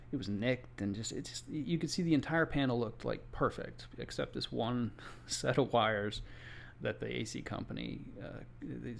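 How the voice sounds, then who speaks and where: A man's voice: medium pitch, gravelly, slight background noise. A man who works as a home inspector, telling a story from his job in a casual, conversational way with exasperated asides. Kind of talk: casual first-person storytelling. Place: Florida.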